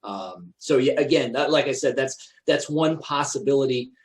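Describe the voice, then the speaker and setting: A man's voice: medium pitch, lively intonation, moderate pace, rough recording. A man presenting at an association meeting, answering questions in a conversational way with frequent restarts and fillers. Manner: hesitant, many restarts and fillers. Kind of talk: conversational Q&A on a call.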